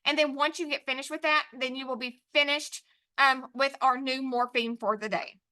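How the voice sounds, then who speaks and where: High bright woman teaching spelling slowly. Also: steady tone. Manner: slow, drawn-out dictation of syllables and letters. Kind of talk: online spelling lesson.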